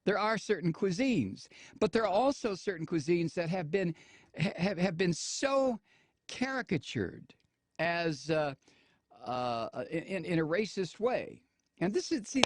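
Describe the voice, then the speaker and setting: A man's voice: sits high, dry recording, clean studio sound. An older man hosting a talk show, giving casual sarcastic commentary with laughing asides and frequent restarts.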